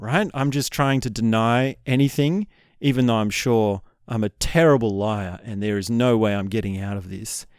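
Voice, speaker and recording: A man hosting a podcast, telling an embarrassing personal story with candid, self-deprecating humor. His voice is smooth and clear, at an ordinary pitch. The sound is dry and close. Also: measured pace, dry recording. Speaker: podcast host. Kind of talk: storytelling monologue.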